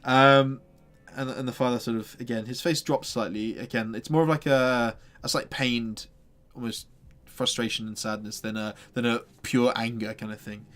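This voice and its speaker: A man's voice: mid-range voice, steady tone, normal speed, few pauses, a bit bright. Rambling male game master. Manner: rambling, filler-heavy narration. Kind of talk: narrating a tabletop game.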